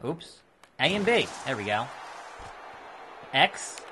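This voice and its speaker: A man hosting a let's play, giving excitable, self-mocking gameplay commentary. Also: mid-range voice, slow, slight background noise.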